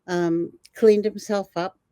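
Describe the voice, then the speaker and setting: An older woman, a guest herbalist, telling animated stories in an interview and laughing often. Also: medium pitch, takes it slowly, no echo. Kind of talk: storytelling in an interview.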